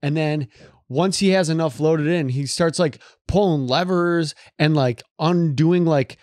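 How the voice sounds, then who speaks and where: A man co-hosting a casual podcast, excitable and halting with many fillers. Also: fairly high pitch, no echo, studio quality. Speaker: podcast co-host. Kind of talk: casual chat.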